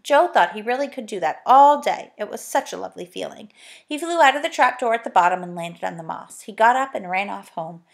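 A woman teacher reading a children's book aloud in an expressive, animated way. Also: medium pitch, a little fast, vocal fry.

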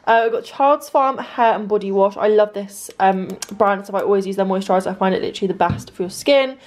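A woman's voice: mid-range voice, quick pace, a little mellow, a little hiss or hum. Chatty young woman vlogging. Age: young adult. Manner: chatty, says "literally" constantly. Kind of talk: casual vlog chat. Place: home.

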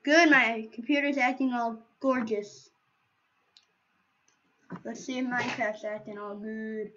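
A woman's voice: fairly high pitch, fairly even intonation, a little slow, highs cut off, background noise. A woman streaming a game, chatting casually to viewers in a playful, rambling way with silly asides, on a computer microphone. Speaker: gaming streamer.

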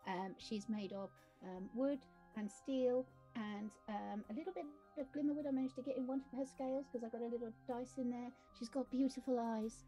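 A woman's voice: a little high, brisk, few pauses, mellow, faint music behind, rough recording. A woman playing a tabletop game over a video call, eager and stumbling over her words. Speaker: player. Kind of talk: casual tabletop play.

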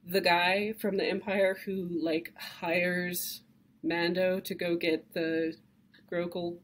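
A woman's voice: fairly low pitch, little pitch movement, slow. A woman lecturing a class on cave art, speaking conversationally and enthusiastically with frequent fillers and restarts.

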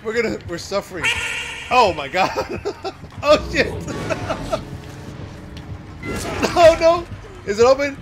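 Man, livestreamer, gameplay commentary, high animated voice, unhurried, faint music behind. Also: rough recording. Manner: loud, laughing, exclaiming often.

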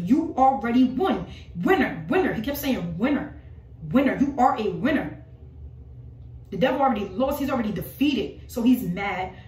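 Woman, preacher, emphatic, repetitive, fairly high voice, roomy sound, set back from the mic. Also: far from the mic. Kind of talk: informal prophetic preaching.

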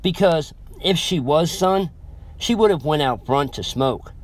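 A man's voice: fairly high pitch, expressive, measured pace, pitched above the performer's own voice. A man doing a stern, knowing mom voice. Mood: firm, knowing. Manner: firm, knowing, commanding. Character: stern loving middle-aged mother.

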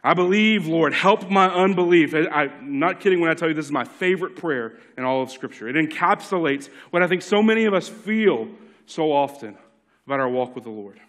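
Male pastor, sermon, slightly high voice, emphatic then hushed delivery, repeats lines for emphasis. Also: expressive, a little fast. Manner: dynamic preaching, swings from loud emphatic lines to hushed ones; repeats key lines for emphasis, acts out quotes. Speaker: lead pastor.

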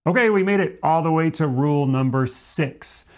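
A man with a fairly high yet darkish-toned voice teaches a music lesson at a moderate pace. He explains the rules in order and occasionally sings short syllables to show what he means.

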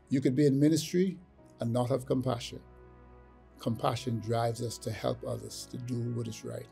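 Man, flat gravelly dark voice, earnest testimonial, music underneath. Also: medium pitch. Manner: earnest, repetitive, sincere. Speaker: testimonial speaker. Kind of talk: spoken testimonial.

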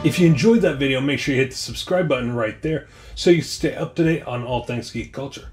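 A man's voice: medium pitch, fairly quick, over music. A man, a channel host, reading an upbeat scripted outro.

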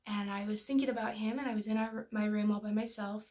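A woman's voice: mid-range voice, fairly even intonation, fast, darkish tone. A young adult woman and parenting educator giving an earnest, personal explanatory talk that is full of anecdotes.

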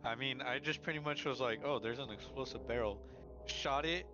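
A man's voice: medium pitch, moderate pace, dull audio, over music. A man chatting casually over a headset while gaming, laid-back and laughing at his own blunders. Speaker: gamer.

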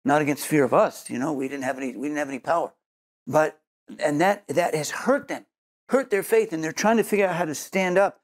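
A man's voice: a little high, a little fast. Earnest man preaching a sermon. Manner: earnest, repeats words while searching for them. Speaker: Messianic Jewish teacher. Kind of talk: sermon with closing prayer.

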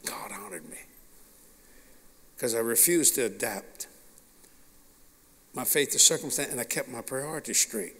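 A male preacher telling a personal story in a folksy, animated sermon style. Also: medium pitch, moderate pace, long pauses. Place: large meeting hall. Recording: long reverb of a large hall.

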